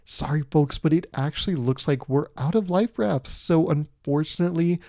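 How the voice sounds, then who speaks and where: A man voicing a polite male cruise staff member who speaks in calm, cheery customer-service phrasing. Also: fairly high pitch, moderate pace, no room sound, studio quality, natural voice. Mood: chipper.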